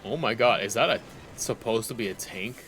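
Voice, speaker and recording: A man streaming a video game, chatting casually and reacting excitably, swearing when surprised. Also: on the low side, a little fast, soft background music. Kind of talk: casual gameplay commentary.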